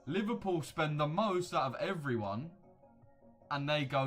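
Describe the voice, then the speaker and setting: A man's voice: on the high side, animated, a little slow, a bit bright, soft background music. A young man, chatting casually on a livestream and answering viewers with blunt, slangy banter. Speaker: livestream host. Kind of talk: casual livestream chat reacting to viewer comments.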